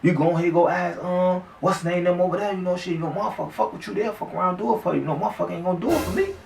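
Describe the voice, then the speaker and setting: A man's voice: high voice, rapid-fire, vocal fry, recorded from a distance, slight background noise, pitched above the performer's own voice. A man voicing a shifty young male friend who mumbles evasively through profanity and filler. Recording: echoey room, off-mic.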